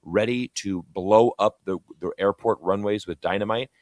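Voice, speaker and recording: A man's voice: on the low side, moderate pace, a little mellow, no echo, clean studio sound. A Canadian man with a Canadian accent co-hosting a live talk show, rambling and opinionated with lots of fillers. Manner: rambling, many "you know" fillers, opinionated. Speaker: co-host of a live talk stream. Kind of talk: casual political chat.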